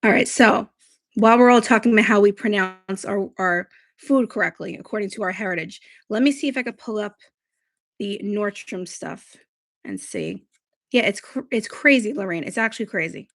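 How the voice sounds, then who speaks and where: A woman's voice: medium pitch, lively intonation, moderate pace, no echo, clean studio sound. A woman hosting a beauty livestream, chatting casually and rambling as she reads viewer comments. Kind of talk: casual live-stream chat, reading viewer comments.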